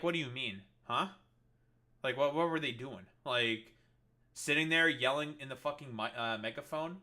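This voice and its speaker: On a political commentary livestream, a man reacts to news clips with a sarcastic, swear-filled rant packed with fillers like "uh" and "like." His medium-pitched voice sounds pushed and bright.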